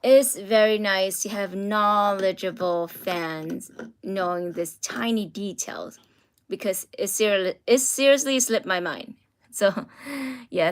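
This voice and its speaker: A woman's voice: medium pitch, a little hiss or hum. A woman hosting an art livestream, chatting casually with viewers and reading out their comments. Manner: chatty, reads out viewer comments, drifts into soft near-whispers.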